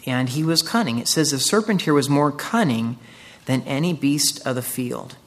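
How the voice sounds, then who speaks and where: A man's voice: mid-range voice, animated, normal speed, fairly bright tone. A man preaching a sermon in an earnest way, walking through a scripture passage and rising into emphatic quoted voices. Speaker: pastor.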